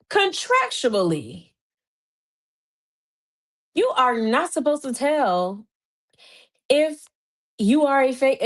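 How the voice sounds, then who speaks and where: A woman hosting a podcast, giving a casual recap in an animated, chatty way, full of fillers and restarts, her voice jumping higher when she gets excited. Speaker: podcast host.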